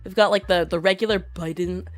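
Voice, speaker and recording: A woman's voice: fairly low pitch, steady tone, brisk, no room sound, faint music behind. A young woman streamer talking casually, ranting in an opinionated, rambling way. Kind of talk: casual live-stream chat.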